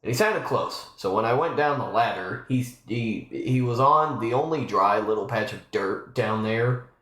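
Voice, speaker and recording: A man's voice: medium pitch, animated, normal speed, a bit bright, roomy sound. A man live-streaming from home, chatting in a rambling, casual way with lots of restarts. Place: home room.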